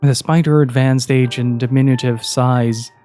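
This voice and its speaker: A man reading a story aloud in a steady, measured narration. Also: medium pitch, faint music behind.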